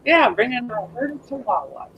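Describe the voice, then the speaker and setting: Animated chatty woman streamer. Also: on the high side, moderate pace, dull audio, a little hiss or hum. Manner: chatty, talks to viewers and her dogs. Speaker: live stream host. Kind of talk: casual live commentary.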